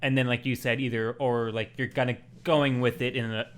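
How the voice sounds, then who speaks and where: A man's voice: mid-range voice, clean tone. A man co-hosting a gaming podcast in casual chat, animatedly acting out bits of game dialogue. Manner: animated, acts out game dialogue in quick voices. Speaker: podcast co-host.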